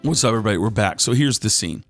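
A man's voice: lowish voice, very fast, over loud music. A man hosting a podcast, retelling a Bible story in a casual, slangy sermon style and acting out the characters. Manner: animated, slangy, acts out characters in quotes. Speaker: podcast host, preacher.

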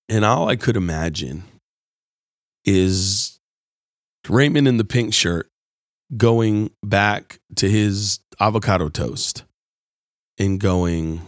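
A man giving a conversational, storytelling sermon as host of his show, moving between quiet reflection and animated retelling. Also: deep voice, no echo, studio quality. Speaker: pastor. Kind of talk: sermon-style talk.

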